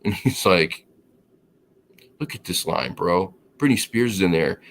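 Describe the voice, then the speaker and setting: A man chatting casually on a podcast, telling an anecdote and acting out the dialogue with lively quoted voices. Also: low voice, measured pace, slight background noise. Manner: animated, acts out quoted dialogue; laughs while telling the story. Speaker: podcast co-host. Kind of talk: casual storytelling chat.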